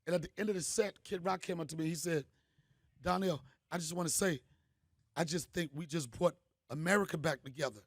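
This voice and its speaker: A middle-aged man, a comedian host, telling stories in a punchy, animated way. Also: fairly high pitch, a little fast, slightly rough, no echo, clean studio sound. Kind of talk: storytelling monologue.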